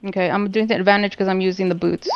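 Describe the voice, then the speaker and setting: A woman's voice: mid-range voice, steady tone, quick pace, lo-fi sound, noisy background. A woman playing a tabletop game, thinking aloud and asking questions, over online voice chat. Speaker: player.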